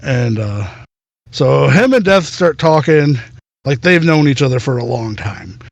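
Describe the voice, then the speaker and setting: A man's voice: medium pitch, sing-song, a little slow, creaky, no room sound. A man narrating as game master in a loose, rambling way.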